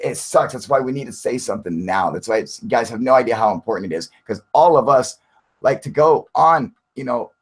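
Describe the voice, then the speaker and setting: A man's voice: lowish voice, breathy edge. A man hosting a live stream, ranting heatedly with lots of swearing while reading and answering viewer chat.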